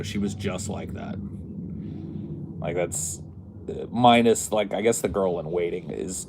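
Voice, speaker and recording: A man's voice: sits low, very noisy. A man hosting a podcast, telling a casual, rambling story and laughing along as he goes. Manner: rambling, laughing at his own stories. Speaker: podcast host.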